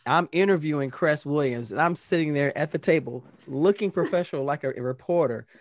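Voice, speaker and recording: A man co-hosting a casual podcast, recounting his encounters with a storyteller's energy. His voice sits a little high and sounds dry and close to the mic, and he throws himself into each quoted exchange. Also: brisk, dry recording. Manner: animated, acts out quoted exchanges. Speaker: podcast co-host.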